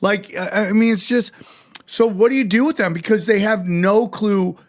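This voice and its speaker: High-voiced man ranting on a podcast. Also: normal speed. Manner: animated, profane ranting with mock-quoted exchanges. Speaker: podcast host. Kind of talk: casual podcast chat.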